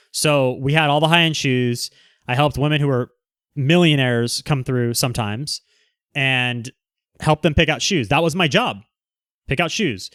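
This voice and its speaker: A man's voice: medium pitch, a bit bright, no echo, studio quality. A man hosting a livestream, reading viewer comments aloud and answering them in a frank, rambling way with many restarts. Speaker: livestream host.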